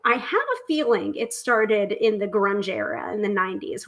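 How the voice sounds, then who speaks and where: A middle-aged woman chats through a live stream, voice sitting at an ordinary middle pitch. She bubbles with enthusiasm, jumping between thoughts with fillers and restarts. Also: sing-song, unhurried, few pauses, fairly bright tone, low-quality recording. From United States. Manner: chatty and exuberant, with many fillers and restarts. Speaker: tarot reader and live stream host. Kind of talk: casual live stream chat.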